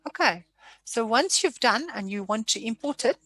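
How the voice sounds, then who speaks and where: Woman walking folks thru accounting software, chatty, apologizes a lot, dry close sound. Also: a little high, lively intonation, normal speed, dry recording. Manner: chatty, apologetic, self-deprecating asides. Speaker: software trainer. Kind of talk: casual screen-share tutorial.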